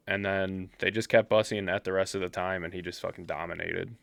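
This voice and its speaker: A man's voice: deep voice, fast talker, vocal fry, hardly any pauses, no room sound, clean studio sound. Blunt, profane young man co-hosting a podcast. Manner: blunt, profane, animated storyteller. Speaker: podcast co-host. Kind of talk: casual sports chat.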